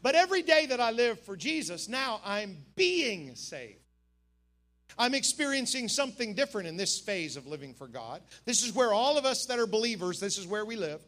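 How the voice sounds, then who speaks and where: A man preaching at a camp meeting, his voice very high and bright. He moves from quiet, quick asides to emphatic shouted peaks. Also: expressive. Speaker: pastor. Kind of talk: sermon.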